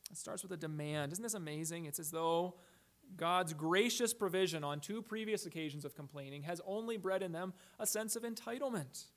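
High-voiced man preaching a sermon. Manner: measured, rhetorical questions, slows for emphasis. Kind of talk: expository sermon.

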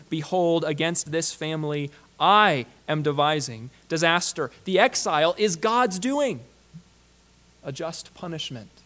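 A man preaches to his congregation in a fairly high voice for a man. His delivery is measured and emphatic, with sudden slowing and quieter endings on the key words. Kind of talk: sermon.

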